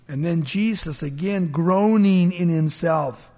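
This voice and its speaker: High-voiced animated man preaching in a hall. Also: slow. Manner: animated, acts out the people in the scripture story with laughs. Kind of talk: sermon. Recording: long echo of a large hall.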